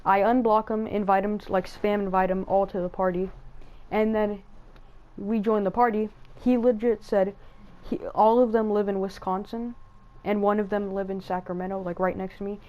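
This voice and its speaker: A woman hosting a gaming channel, telling a casual story over gameplay in an excitable, rambling way, with lots of fillers and restarts, on a headset mic. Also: medium pitch, normal speed, muffled recording.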